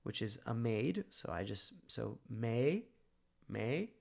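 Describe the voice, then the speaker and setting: Gravelly-voiced man casually explaining a study method. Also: mid-range voice, takes it slowly. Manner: relaxed, thinking aloud with fillers and restarts. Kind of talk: casual screen-share tutorial.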